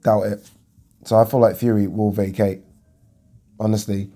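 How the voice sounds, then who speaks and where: A man's voice: on the low side, little pitch movement, normal speed, warm tone. A young man giving a rambling, casual reaction to a boxing fight as a vlogger, thinking aloud and restarting his sentences.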